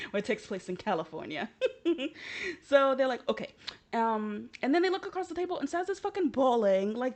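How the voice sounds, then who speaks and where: A young woman from the United States talks casually about a show she loves, retelling scenes with lots of swearing and laughter. Her voice sits at an ordinary middle pitch, and her telling is lively and unscripted. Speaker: show recapper. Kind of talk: casual chat.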